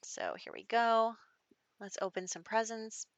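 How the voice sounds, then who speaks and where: A woman's voice: a little high, wildly swooping pitch, unhurried, dry recording, highs cut off. A woman giving casual, chatty let's-play commentary on a life-sim game, laughing often. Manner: chatty, laughs often, speaks lines for characters in passing. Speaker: gameplay commentator.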